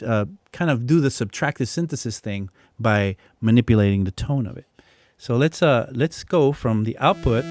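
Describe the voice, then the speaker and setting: A man teaching music production in a relaxed, casual demonstration, thinking aloud with frequent restarts. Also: medium pitch, dry recording, studio quality. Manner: reads chat comments aloud. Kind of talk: casual live-stream demonstration. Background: synthesizer tones.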